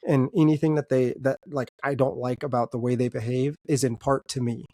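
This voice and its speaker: A man in the middle of the pitch range, speaking as a podcast guest. He talks in loose, rambling sentences full of fillers, open and self-reflective. The sound is dry and close, with no room around him. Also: fairly even intonation, fairly quick, mellow, no echo. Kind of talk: casual podcast chat.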